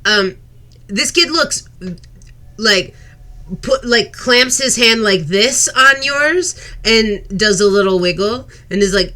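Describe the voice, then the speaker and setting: A woman narrating as game master of a tabletop game, halting with many fillers. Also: a little high, expressive, sharp tone.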